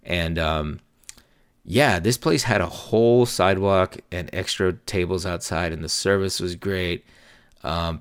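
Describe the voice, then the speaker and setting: A man's voice: deep voice, clean tone, no echo, studio quality. A man in his forties telling a rambling, profane bar story in a casual way. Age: 40s. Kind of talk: casual anecdote.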